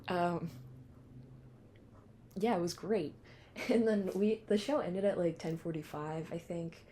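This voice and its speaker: A woman's voice: fairly low pitch, dark tone, slight background noise. A young woman vlogging a casual, rambling recap with lots of fillers and giggles. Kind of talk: casual concert recap vlog.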